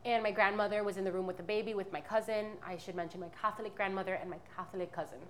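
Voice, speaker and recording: A woman's voice: mid-range voice, steady tone, racing, a bit bright. Young woman rambling thru her faith story, lots of likes and ums, faint hiss. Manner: candid, rambling, many fillers and restarts. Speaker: guest. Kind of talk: personal testimony in a podcast interview.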